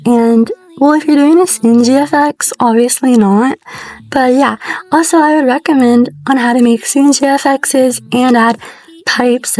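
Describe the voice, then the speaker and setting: A woman with a high voice talks through a casual voice-over tutorial. She rambles in a chatty way and keeps slipping in apologetic asides. It is recorded on a basic mic rather than a proper one. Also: darkish tone, low-quality recording. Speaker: tutorial creator. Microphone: basic mic, not a proper one.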